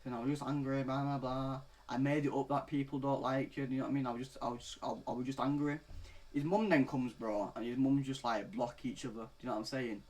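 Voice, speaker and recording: A young man in his late teens telling a story-time rant, rambling and profane, tagging "bro" onto nearly every phrase and swinging from mutters to loud outbursts. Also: mid-range voice, steady tone, quick pace. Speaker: vlogger.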